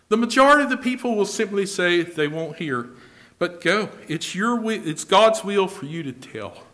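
Bright, high-voiced man preaching a sermon. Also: big pitch swings. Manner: swings from loud declaration to low quiet asides; reads scripture in a slow, old-fashioned cadence.

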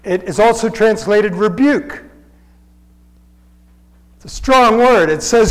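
High-voiced man preaching a sermon. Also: lively intonation, takes it slowly, long pauses, rough recording. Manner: earnest, conversational teaching with emphatic repetition.

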